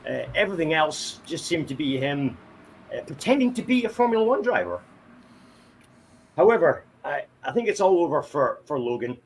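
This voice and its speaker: A man's voice: a little high, husky. A man serving as guest host, giving a joking report with a dry delivery. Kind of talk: comic report.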